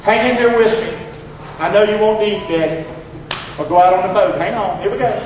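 A pastor preaching in a cavernous, ringing church, his rather high man's voice picked up from a distance. He urges the congregation to repeat after him, then drops to a hushed, earnest tone. The sound is a bit muffled. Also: a little fast, a little hiss or hum. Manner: call-and-response preaching, swinging from loud to hushed. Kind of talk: Father's Day sermon. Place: church sanctuary. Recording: very echoey hall, distant mic, slightly dull.

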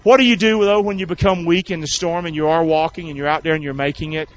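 A man preaching to his congregation in a church hall, pitched a little high for a man. He leads call-and-response, rising to loud calls, then dropping to near-whispered lines. The recording sounds dull and lo-fi. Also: steady tone, fast talker, slight background noise. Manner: call-and-response preaching, swings from shouting to hushed. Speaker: pastor. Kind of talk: sermon.

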